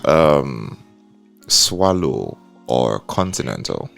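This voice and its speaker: Nigerian male radio host, very deep gravelly voice that swings widely, playful and teasing. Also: very animated, very slow, soft background music. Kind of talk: casual radio interview.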